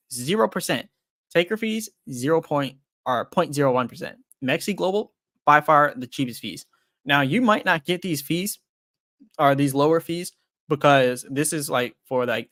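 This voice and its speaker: A man's voice: mid-range voice, a bit bright, no room sound, clean studio sound. A young man hosting a casual crypto trading livestream, thinking aloud in a loose, rambling way with lots of fillers, frank and self-deprecating as he reads viewer comments.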